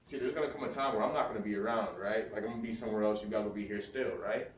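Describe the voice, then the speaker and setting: A man giving a motivational speech to students, leading loud call-and-response chants. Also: lowish voice, very fast. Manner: energetic call-and-response, hyping up the crowd. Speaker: guest motivational speaker. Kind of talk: motivational school assembly speech. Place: large school hall with a student audience. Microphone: recorded from a distance. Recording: echoey hall, distant mic, faint noise.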